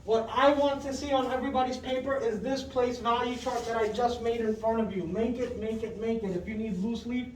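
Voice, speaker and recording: A classroom teacher leading a math lesson, patiently repeating questions, checking with "right?", and calling on pupils by name with quick praise. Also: mid-range voice, fairly even intonation, slight background noise. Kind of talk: fifth-grade math lesson. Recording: roomy classroom heard from a distance.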